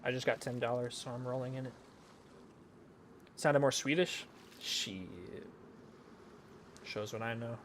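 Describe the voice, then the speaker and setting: A man's voice: medium pitch, steady tone, unhurried, pauses often, fairly bright tone, slight background noise. Jokey, rambling male streamer. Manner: jokey, rambling, self-mocking. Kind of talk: casual game streaming.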